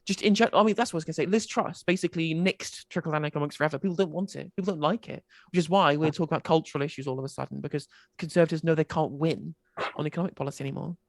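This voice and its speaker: A man appearing as a podcast guest, chatting quickly and emphatically about politics. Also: a little high, creaky, no room sound. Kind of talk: casual political chat.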